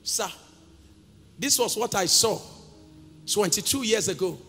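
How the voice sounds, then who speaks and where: A man with a Nigerian accent preaching a sermon as pastor, calling out to the congregation and breaking into sung and shouted phrases. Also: sits high, animated, unhurried, breathy edge. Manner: call-and-response preaching, sings and shouts phrases. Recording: reverberant church hall with music.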